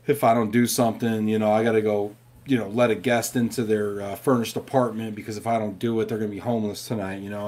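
A man hosts a live show from home, chatting casually and reading out viewer questions, upbeat and speaking straight to his audience. His voice is lowish with a darkish tone.

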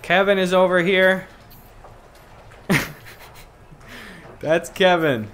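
A man's voice: high-pitched, drawn-out words, fairly bright tone, slight background noise. A man streaming a VR game, chatting casually in a goofy, joking way and laughing often. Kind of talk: casual chat while playing a VR game.

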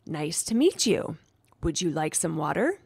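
A woman voicing a mother who is learning English and speaks slowly and carefully. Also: deep voice, big pitch swings, gravelly, a little mellow, husky, no room sound, heavily acted. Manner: slow, careful.

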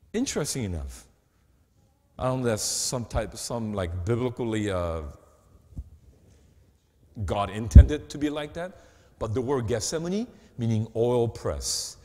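Brief: male preacher, slow deliberate delivery, big pitch swings, asks the room questions. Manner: animated preaching, swinging from loud to hushed; asks the audience rhetorical questions. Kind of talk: sermon. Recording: long hall reverb.

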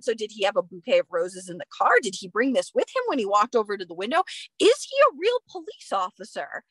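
A woman guest on a podcast, telling a story in a casual, animated way with plenty of swearing. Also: mid-range voice, fast, breathy edge, dry recording. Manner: animated and expressive, swears freely. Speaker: guest, professional runner.

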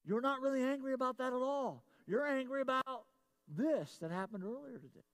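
A middle-aged man preaching a sermon as pastor, moving between loud emphatic lines and quiet confiding asides, repeating his key phrases. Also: very high-pitched, animated, fairly quick.

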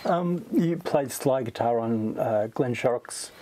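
Mellow-voiced male interviewer. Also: medium pitch, lively intonation, slow pace, a little hiss or hum. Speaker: interviewer, magazine editor. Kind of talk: interview questions.

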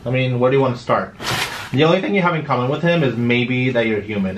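A man's voice: mid-range voice, fast, echoey room. A man trading sarcastic, mocking insults in a comedic bickering vlog. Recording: loud noise over home video.

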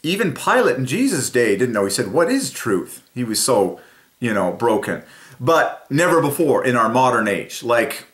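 Halting rambling man preaching to camera. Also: mid-range voice, big pitch swings, fairly bright tone. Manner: rambling, halting, many fillers and restarts. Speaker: Christian channel host. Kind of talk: rambling spoken sermon to camera.

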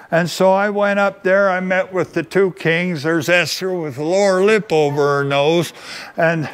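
A man telling a homespun childhood story at an open mic, in an unhurried, playfully earnest folksy manner. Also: high-pitched, steady tone, clean tone. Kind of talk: folksy spoken storytelling to an audience.

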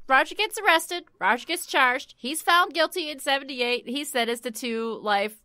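Woman, podcast co-host, quick reactions, bright tone, dry close sound. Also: sits high, no room sound. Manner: reacts with gasps and quick asides, reads case facts in short bursts. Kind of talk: casual true-crime chat.

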